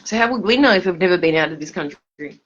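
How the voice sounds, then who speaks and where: On a livestream, a drunk woman with an Australian accent rambles casually, slurring, repeating herself and laughing mid-sentence. Her voice is lowish and expressive, she talks fast, and the recording sounds muffled.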